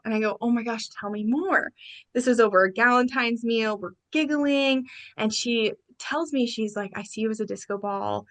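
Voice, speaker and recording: Animated woman telling her story. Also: on the high side, moderate pace. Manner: animated, quoting friends in lively bursts. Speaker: podcast guest. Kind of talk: personal storytelling in a podcast interview.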